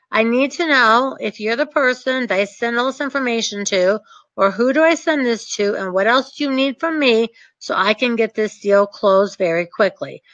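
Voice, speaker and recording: Confident woman real estate coach, bright and emphatic, slightly high voice, dull dry lo-fi recording. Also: no echo. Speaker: real estate investor and short sale coach. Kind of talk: teaching talk with acted examples.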